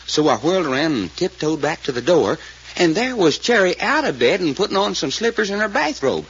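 An actor playing a homespun, plainspoken male sidekick, retelling events with rustic grammar and halting restarts, in 1940s radio acting. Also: fairly high pitch, big pitch swings, a bit bright, breathy edge, full character voice. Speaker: witness recounting events. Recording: dull lo-fi old radio recording.

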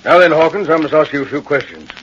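Fast, crisp inspector, authoritative; dull radio with hiss. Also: male voice, fairly high pitch, lively intonation, fairly bright tone. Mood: brisk. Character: brisk Scotland Yard inspector, businesslike. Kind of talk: 1940s radio acting. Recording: lo-fi old radio with clear hiss.

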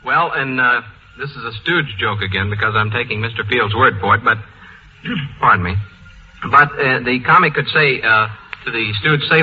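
A man's voice: mid-range voice, fairly quick. Man telling gags on an old radio panel. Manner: telling jokes with small hesitations. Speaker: comedy writer on a panel. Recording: tinny old radio broadcast with hiss.

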